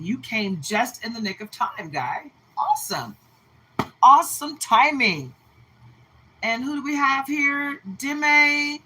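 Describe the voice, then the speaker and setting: A woman's voice: high voice, pushed and bright, rough recording. A woman reading tarot on a livestream, chatting in an emphatic, talkative way and greeting viewers by name. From Texas. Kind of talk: casual livestream chat.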